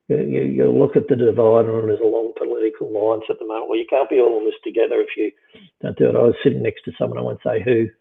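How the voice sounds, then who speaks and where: A man's voice: mid-range voice, vocal fry. A middle-aged man talking through business and leadership in a rambling way, full of "you know" and restarts. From Australia. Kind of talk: casual conversation. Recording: tinny phone-like line.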